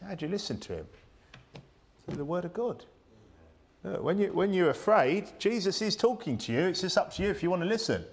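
Male preacher, chatty sermon delivery, rhetorical tag questions, higher-pitched voice. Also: big pitch swings, fairly quick, pauses often. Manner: reads aloud old-style scripture text. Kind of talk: Bible-study sermon.

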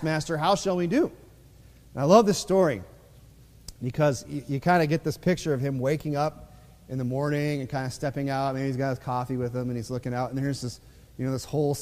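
A man's voice: mid-range voice, darkish tone. A man preaching a sermon in a loose, conversational way, with frequent fillers, and reading scripture aloud. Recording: long reverb of a church hall.

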